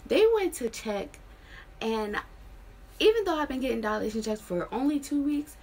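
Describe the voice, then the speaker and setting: A Maryland vlogger in her twenties speaks at normal speed, her voice on the high side, darkish, slightly rough, and very animated. She recounts a personal story in a frank, chatty way full of fillers.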